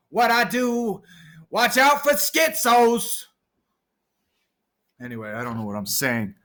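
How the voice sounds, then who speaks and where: Man, very high voice, slow delivery, rambling freestyle rap, silly, shouty bursts. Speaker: vlogger. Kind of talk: off-the-cuff freestyle rapping and rambling.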